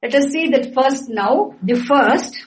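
A woman lecturing on a sacred text, deliberate, repeating and explaining each term. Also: sits high, poor audio. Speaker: scripture teacher.

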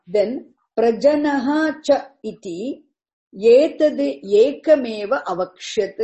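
A woman's voice: a little high, mellow, rough recording. A woman teaching a scripture commentary, explaining each term carefully and repeating words for emphasis. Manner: deliberate, repeats terms and explains each word.

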